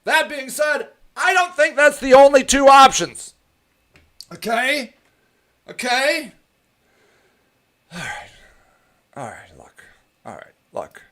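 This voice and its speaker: A man hosting his own show, giving heated, profane political commentary that often breaks into shouting. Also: extremely high pitch, big pitch swings, slow pace, long pauses. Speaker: show host.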